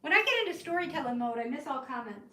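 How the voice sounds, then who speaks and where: A woman telling a rambling story to her live chat from the northern United States, in an animated, chatty way. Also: sits high, fast talker. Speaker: live-stream crafting host. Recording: roomy, from a distance.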